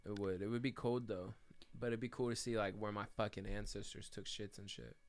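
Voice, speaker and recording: A man's voice: fairly low pitch, fairly quick. A man co-hosting a podcast in casual chat, telling stories loosely and swearing constantly. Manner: profane, animated storytelling. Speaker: podcast co-host.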